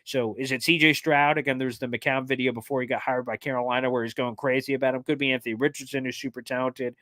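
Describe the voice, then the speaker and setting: A man hosting a casual sports livestream, answering fan questions in an excitable, jokey way with plenty of fillers. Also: mid-range voice, no room sound, clean studio sound. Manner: excitable, jokey, fast-talking with many fillers. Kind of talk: casual live chat reading fan questions.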